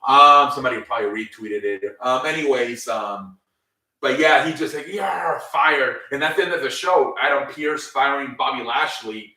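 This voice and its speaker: A man's voice: mid-range voice, moderate pace, pushed and bright. A man casually recapping a wrestling show on his own, rambling, with lots of ums and casual swearing. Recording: echoey room, distant mic.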